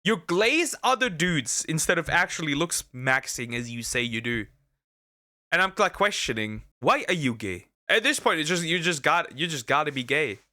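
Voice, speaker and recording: A man's voice: fairly high pitch, big pitch swings, moderate pace, sharp tone, no echo, studio quality. A man casually reacting to a video, rambling and joking with internet slang.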